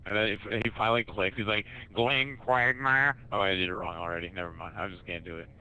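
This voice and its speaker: A man's voice: sits low, steady tone, racing, sharp tone, slight background noise, poor audio. A man chatting casually and rambling between voice impressions, giggling and cutting himself off. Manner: giggly, rambling, self-interrupting. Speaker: amateur impressionist.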